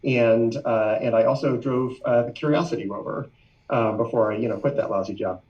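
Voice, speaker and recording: A man's voice: medium pitch, fairly quick. A man joining a video call as a guest, friendly and hesitant, with lots of ums. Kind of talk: casual video call chat. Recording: distant, dull lo-fi video call audio.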